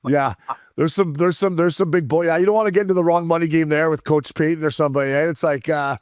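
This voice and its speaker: A man's voice: fairly high pitch, fairly even intonation, fast talker, dry recording, clean studio sound. A man hosting a casual podcast, trading crude, teasing banter with the guest. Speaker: podcast host.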